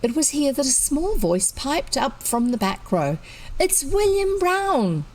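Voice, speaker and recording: Kiwi lady reading a kids book out loud, chatty little asides, highish voice that goes up and down a lot. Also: very animated, normal speed, rough recording. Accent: New Zealand. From New Zealand. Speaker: audiobook reader.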